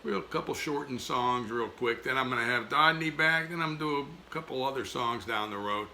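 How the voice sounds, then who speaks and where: Gravelly man hosting a casual home show. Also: medium pitch, a little fast, sharp tone, slight background noise. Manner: loose, rambling, lots of fillers. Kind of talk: casual chat. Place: home lanai porch.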